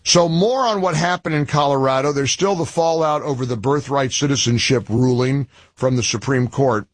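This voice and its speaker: A man hosting an opinion commentary monologue, talking emphatically and indignantly and building his points through repeated phrases and pauses. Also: medium pitch, dry recording. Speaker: political commentary host.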